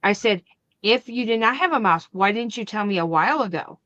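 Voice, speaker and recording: A woman hosting a crafting channel, chatting casually and acting out the family arguments in her story with lively energy. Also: medium pitch, fairly quick, dry recording, dull audio. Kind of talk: casual chat.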